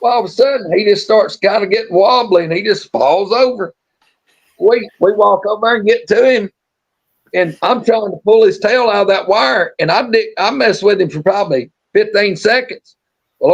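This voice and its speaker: A man's voice: high-pitched, normal speed, vocal fry, husky. A man telling a folksy yarn in casual talk, drawling and restarting his sentences. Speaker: storyteller on a live show. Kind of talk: casual storytelling. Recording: muffled lo-fi stream audio.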